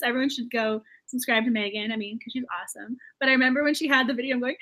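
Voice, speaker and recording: A woman's voice: on the high side, fairly even intonation, rapid-fire, hardly any pauses, bright, forceful tone. A woman hosting a writing live stream, gushing and emotional, full of fillers and laughter. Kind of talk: casual live-stream chat.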